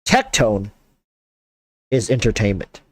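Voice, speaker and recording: Animated rambling man, lively pitch. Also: slow pace, no echo. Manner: animated, rambling, filler-heavy. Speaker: content creator and host. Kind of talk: casual podcast chat.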